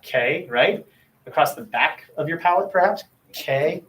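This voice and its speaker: A man's voice: on the high side, expressive, a little slow, fairly bright tone. A man teaching an English class, sounding out letters aloud and quizzing his students as he goes. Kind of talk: classroom lecture. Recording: roomy classroom echo.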